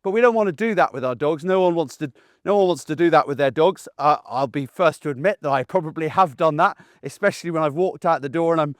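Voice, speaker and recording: A man, a dog trainer giving a casual, animated lesson outdoors while acting out voices. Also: on the high side, fast, no room sound, clean studio sound. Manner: chatty and animated, acts out the dog's and owner's voices. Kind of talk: casual instructional talk.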